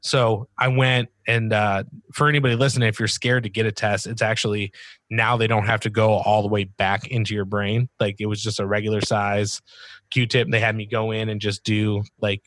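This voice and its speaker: A man's voice: fairly low pitch, little pitch movement, normal speed, a bit bright, no room sound. A man hosting a podcast in casual chat, talking in a loose rambling way full of fillers and easy laughs. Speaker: podcast host.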